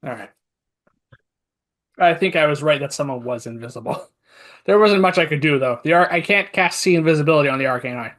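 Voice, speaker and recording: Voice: medium pitch, animated, a little fast, pauses often, a bit bright. A player in a tabletop game who talks through plans in a chatty way and laughs at their own ideas. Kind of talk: casual tabletop game play.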